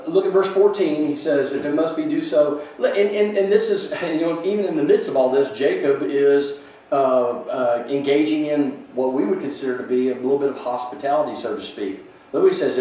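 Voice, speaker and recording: A man's voice: fairly high pitch, normal speed, dark tone. A man teaching a church Bible class in a conversational way, often restarting his sentences and reading scripture aloud. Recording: echoey room from a distance.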